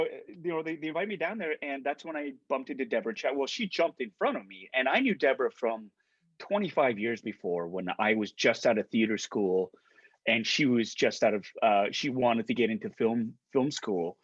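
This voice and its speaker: Animated man telling stories, husky voice. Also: mid-range voice, moderate pace, dry recording, highs cut off. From Canada. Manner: animated, stammering restarts, acts out quoted dialogue. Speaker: actor and guest. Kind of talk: casual interview storytelling.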